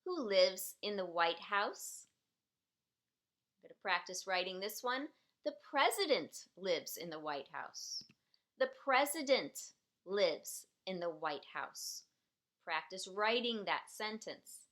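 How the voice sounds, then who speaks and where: A woman leads a citizenship lesson at a deliberately slow pace, repeating questions and sample sentences for her learners. Her voice is bright and clear, and she stays patient and encouraging throughout. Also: mid-range voice, sing-song. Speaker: citizenship class teacher. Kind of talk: slow, clearly enunciated teaching.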